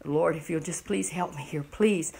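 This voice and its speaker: A woman's voice: deep voice, normal speed, gravelly, a little mellow, breathy edge, full character voice. A woman voicing a remorseful, humbled strong man pleading with God, in a broken, pleading way.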